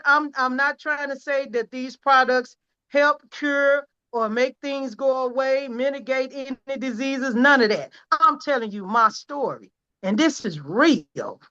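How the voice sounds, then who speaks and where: A woman's voice: high voice, bright, forceful tone, muffled recording. A woman giving an earnest, emphatic personal testimonial from home over a video call. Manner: earnest, emphatic, close to tears at times. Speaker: product testimonial speaker.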